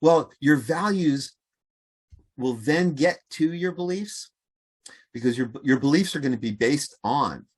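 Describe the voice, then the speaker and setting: Animated male podcast guest. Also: fairly high pitch, measured pace, slightly rough. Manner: animated, acts out quoted voices, laughs easily. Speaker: podcast guest, communication coach and author. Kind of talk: conversational interview.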